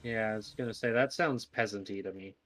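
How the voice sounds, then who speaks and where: A man's voice: lowish voice, a little fast, over music. A man on a casual gaming stream who chimes in with short, dry quips.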